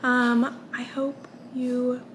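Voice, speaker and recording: A woman's voice: a little high, little pitch movement, drawn-out words, background noise. Tired, chatty American woman vlogger. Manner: rambling, with fillers and restarts. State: tired from little sleep. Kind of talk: casual chat.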